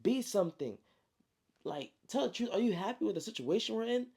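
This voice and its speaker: A man's voice: sits high, sing-song, a little fast, a little mellow, husky, pitched above the performer's own voice, full character voice. A man voicing a defiant, desperate teenage boy fighter in a story he reads aloud, talking in a heated, challenging way.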